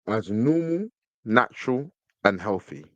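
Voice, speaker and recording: A man's voice: lowish voice, animated, unhurried, no room sound, dull audio. A man hosting a podcast in casual commentary, reading text from a screen and stressing his points with repeated words. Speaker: podcast host.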